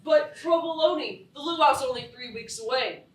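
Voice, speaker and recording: An actress playing a chatty young beach bum fussing over party food. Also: female voice, high-pitched, measured pace. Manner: fussy, chattering. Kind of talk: live stage acting. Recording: echoey theatre stage from far off.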